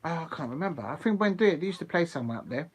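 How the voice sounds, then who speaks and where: A man hosting a live football watch-along, chatting excitedly with viewers and laughing often. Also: a little high, rapid-fire, husky. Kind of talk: live casual chat with viewers.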